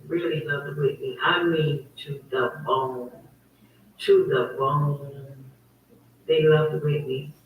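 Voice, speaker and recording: A woman's voice: lowish voice, narrow, tinny audio. Woman host, emphatic and repetitive monologue; distant mic, echoey room, faint noise. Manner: emphatic, repetitive, heated storytelling. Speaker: host of her own online talk show. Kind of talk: casual livestream monologue.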